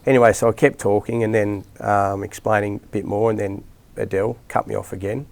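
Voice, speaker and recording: This rugby league coach, a middle-aged Australian, has a fairly low, steady voice that's a little mellow, with vocal fry. He talks fairly quickly, rambling through stories in a casual interview with lots of fillers and restarts.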